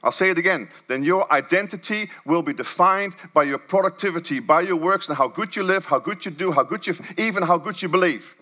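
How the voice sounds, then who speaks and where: A man preaching a sermon to a church congregation, swinging from low murmurs to high, emphatic bursts. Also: a little fast, few pauses, pushed and bright.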